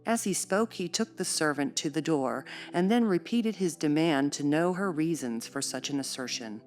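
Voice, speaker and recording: Brief: deep-voiced woman reading a classic novel, measured and steady, soft music underneath. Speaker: audiobook narrator. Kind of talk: scripted narration of a classic novel.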